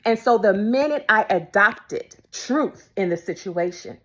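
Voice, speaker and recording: A woman preaching a devotional sermon, emphatic and repetitive, moving between loud declarations and hushed whispers. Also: medium pitch, lively intonation, a little slow. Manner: repeats phrases for emphasis.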